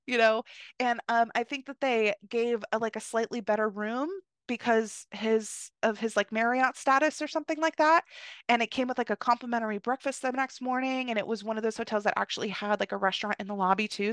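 This young podcast host has a fairly high pitch, and the studio audio is clean, with no echo. She talks her way casually through a story, leaning heavily on "like" and quoting the people involved in lively voices.

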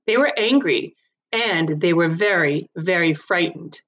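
A woman's voice: fairly low pitch, lively intonation, measured pace, a bit bright. A woman reading a novel aloud as a storyteller, greeting listeners and narrating expressively.

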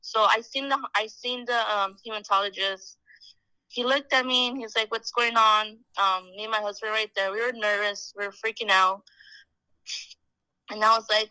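A woman's voice: medium pitch, steady tone, normal speed, sharp tone, clean tone, dry recording, poor audio. A woman in her twenties, a podcast guest, telling her story in casual chat, full of "like" and "um" and acted-out quotes. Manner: chatty, heavy on "like" and "um", acts out quoted dialogue.

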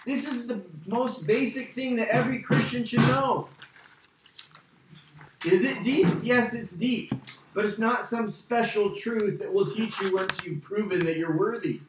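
A man's voice: high voice, a little slow, noisy background. Emphatic male preacher in echoey hall. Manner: emphatic, conversational, repeats key phrases. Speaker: pastor teaching a Bible study. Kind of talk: Bible study teaching. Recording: very echoey, distant church mic.

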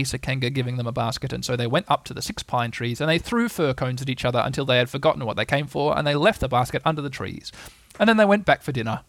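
A man's voice: medium pitch, fast, vocal fry, hardly any pauses, no echo. Man narrating a storybook, dry close sound. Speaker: audiobook reader.

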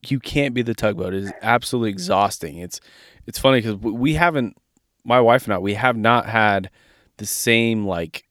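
A man's voice: medium pitch, no room sound, clean studio sound. A man co-hosting a podcast in casual chat, talking emphatically and with plenty of profanity as he gets fired up. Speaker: podcast co-host.

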